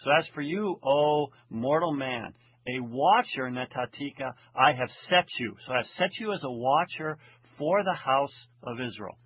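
A man teaching a lecture, translating a text verse by verse in a deliberate, methodical way and slowing down to read the original lines. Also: lively intonation, husky. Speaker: Hebrew Bible teacher. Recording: tinny phone-like low-fidelity audio.

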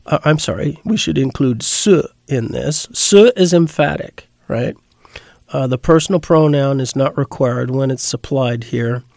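A man giving an unscripted lecture on biblical Greek, halting with many fillers and restarts and stressing the Greek words he reads. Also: mid-range voice, gravelly, a little mellow, no echo, studio quality.

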